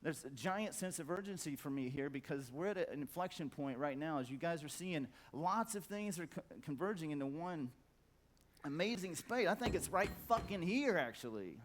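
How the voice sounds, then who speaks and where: A middle-aged man with a fairly high voice talks to a crowd at a conference. He is blunt and swears freely, stacking the same word again and again to drive a point home. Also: animated, normal speed. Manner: blunt, profane, emphatic repetition; acts out quoted voices in a loud high squawk. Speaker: conference speaker. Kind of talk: profane motivational talk. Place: conference hall.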